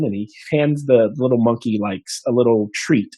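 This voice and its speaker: A man's voice: medium pitch, a little fast, mellow, slightly rough, no room sound. A man narrating as game master of a tabletop game, rambling with many restarts.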